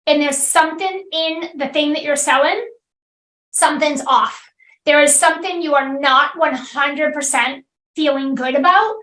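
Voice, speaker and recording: A woman hosts her own podcast as a business coach, her voice sitting high and bright. She talks straight at the listener with emphatic, repeated phrases. The sound carries a noticeable room echo. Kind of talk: solo podcast monologue.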